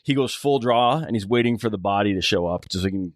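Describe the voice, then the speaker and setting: Low-voiced man hosting a podcast. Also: quick pace, no echo, studio quality. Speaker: podcast host. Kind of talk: casual chat.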